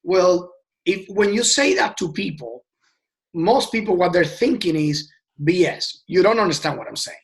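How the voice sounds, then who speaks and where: A man with a high-pitched voice leads a sales training session. He talks casually and with passion, stressing his points and often stumbling over repeated words as he restarts sentences. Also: lively intonation, moderate pace, vocal fry. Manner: passionate and emphatic.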